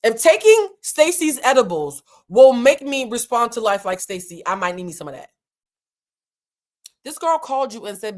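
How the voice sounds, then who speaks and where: A woman's voice: on the high side, very animated, normal speed, pauses often. Woman host for a chatty reality TV recap, frank and slangy, talks straight to the viewers. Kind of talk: casual commentary.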